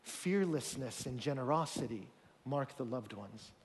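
A man preaching a sermon, telling stories and acting out the people in them, swinging from loud bursts to quiet stretches. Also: mid-range voice, expressive, measured pace, long reverb tail. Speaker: pastor.

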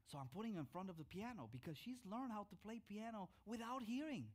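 A middle-aged male pastor gives a sermon testimony, his pitch swinging widely as he tells the story. He breaks into loud, drawn-out bursts on key words, then drops back to a calmer tone.

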